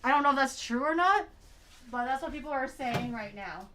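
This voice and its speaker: A woman's voice: high-pitched, lively intonation, brisk, sharp tone, slight background noise. A woman streaming herself cooking at home, chatting casually in a rambling way with exaggerated reactions. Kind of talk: casual livestream chat.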